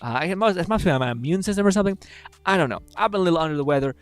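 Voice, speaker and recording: A man's voice: sits high, lively intonation, rapid-fire. A young man streaming, rambling and swearing casually while reading chat, laughing often.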